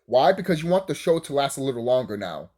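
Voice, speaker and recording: A man's voice: mid-range voice, fast. A man reviewing cartoons in a casual rant, swearing freely, laughing often and rambling with restarts. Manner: animated, profane, laughs often; rambling, restarts mid-thought.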